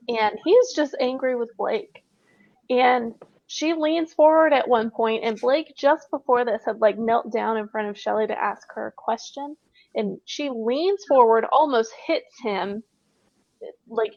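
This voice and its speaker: A woman with a fairly high voice tells a ghost-hunt story in brisk, casual podcast chat. Her voice is dry and a little dull, as if picked up by a lo-fi mic. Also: a little mellow, dry recording. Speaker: paranormal investigator.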